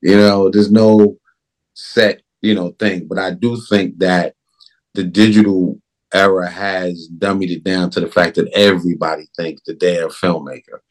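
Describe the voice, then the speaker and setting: A man with a somewhat low voice talks shop as a film director in a relaxed interview. He is emphatic and animated, and his delivery swings up as he tells stories. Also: normal speed. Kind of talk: casual interview talk.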